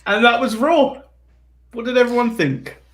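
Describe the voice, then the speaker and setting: A man's voice: very high voice, expressive, normal speed. Giggly male podcast host, echoey room. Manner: giggly, runs through the show rundown. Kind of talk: casual podcast chat.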